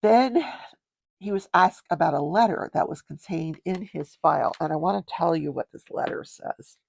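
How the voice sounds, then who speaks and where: A woman's voice: deep voice, moderate pace, creaky, husky, no echo. An older woman hosting a casual show, chatting her way through a trial recap and wandering off to talk about her crafts. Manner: chatty, digressive, explains legal terms plainly. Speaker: host.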